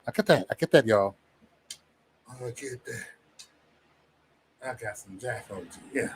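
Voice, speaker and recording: A man's voice: on the high side, moderate pace, long pauses, slightly rough. Loose, profane man hosting a livestream. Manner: loose, profane, laughing often, mimics others in raised voice. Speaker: livestream host. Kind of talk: casual livestream chat.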